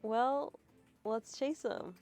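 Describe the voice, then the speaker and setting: A woman's voice: on the high side, very slow, darkish tone. A woman streamer casually live-translating a game, with chatty, laughing asides. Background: game music.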